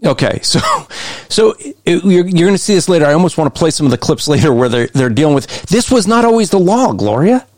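Male co-host, pushy and emphatic, slightly raised pitch, breaks down clips for listeners. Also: very animated, brisk, a little mellow, no echo. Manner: emphatic, argumentative, often shifts pace. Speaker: podcast co-host. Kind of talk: commentary on played interview clips.

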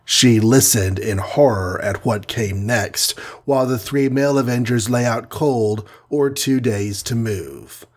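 A man with a husky, mid-pitched voice narrating an action storybook. His reading is vivid and dramatic, leaning into each scene. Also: measured pace, hardly any pauses.

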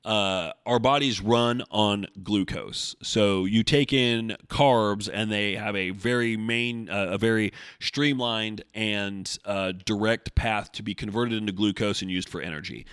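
A man's voice: lowish voice, a little slow, hardly any pauses, fairly bright tone, smooth, dry recording, clean studio sound. A man hosting a solo fitness podcast from his home desk, speaking conversationally and working through explanations with analogies, sometimes swearing when annoyed. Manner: conversational, explains with a traffic-cop analogy, flares into mild swearing. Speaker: podcast host. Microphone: desk microphone.

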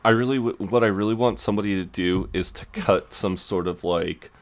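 A man with a very low, deep voice co-hosts a chatty podcast. He recaps a TV episode with dry jokes and drops into quick quoted lines from the scenes. It is loose, casual conversation. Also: slight background noise. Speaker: podcast co-host.

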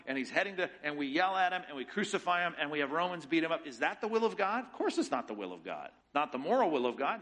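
A man's voice: fairly high pitch, fairly bright tone, rough recording. A middle-aged man preaching a sermon as pastor, teaching with emphatic rhetorical questions.

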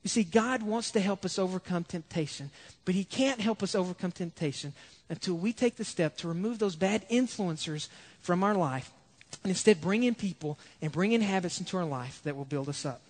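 A man's voice: sits high, fairly quick, in a large hall. A male pastor preaching a sermon in an urgent, pleading way, repeating his points.

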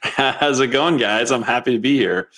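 A man appearing as a podcast guest, modest and relaxed, talking through his career with many small fillers. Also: mid-range voice, normal speed. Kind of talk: casual podcast interview.

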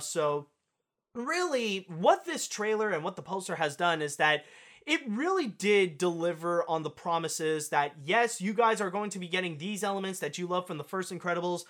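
An enthusiastic man hosts a casual news podcast. He rambles a little, with plenty of fillers, and keeps his excitement up as he talks through trailers and clips. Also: fairly high pitch. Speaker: podcast host.

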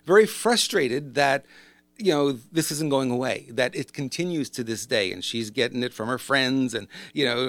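A man's voice: mid-range voice, a bit bright. A man speaks in a loose, rambling way as a business coach, circling back and restarting his thoughts. His voice sits in an ordinary middle register. The recording is dry and close, with no room echo. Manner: rambling, conversational, self-correcting. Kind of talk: casual monologue to camera.

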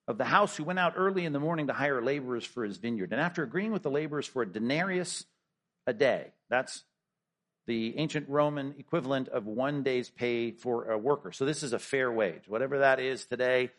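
A man's voice: mid-range voice, fairly quick. A middle-aged man preaching a sermon, retelling a parable with casual asides and acted-out voices. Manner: animated storytelling, acting out voices of the parable. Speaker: pastor.

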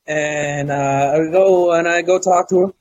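A man's voice: fairly high pitch, a little slow, lo-fi sound. A man co-hosting a podcast, telling rambling, profane stories in casual banter. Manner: rambling, profane, animated storytelling. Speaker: podcast co-host.

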